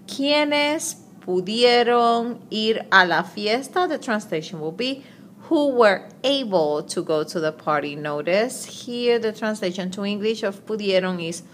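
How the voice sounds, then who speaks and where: A woman teaching grammar, slowly reading out verb forms and translating examples. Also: mid-range voice, lively intonation, slight background noise. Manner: slow, deliberate, repeating conjugations aloud. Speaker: Spanish teacher. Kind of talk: slide-based grammar lesson.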